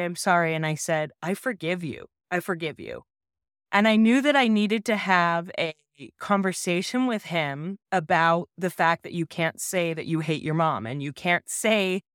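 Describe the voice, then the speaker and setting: A woman in her thirties hosting a parenting podcast, sharing a personal story in a gentle, earnest and reassuring way. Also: fairly low pitch, dry recording, studio quality.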